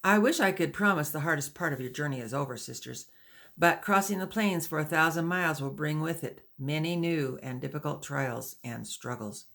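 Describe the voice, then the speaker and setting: Give me a steady, patient wagon teamster man, read by a woman, a little gravelly, explaining things in an audiobook. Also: low voice, normal speed. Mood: reassuring. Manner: patient, instructive. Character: male wagon teamster guiding pioneer women, patient and steady. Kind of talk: audiobook dialogue.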